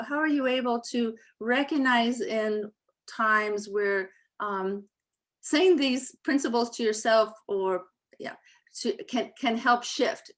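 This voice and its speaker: Slow, gentle woman guiding meditation. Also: a little high. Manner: gentle, halting, many fillers; slow, calm recitation. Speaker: Reiki master leading a meditation circle. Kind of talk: guided meditation on a video call. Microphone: video call.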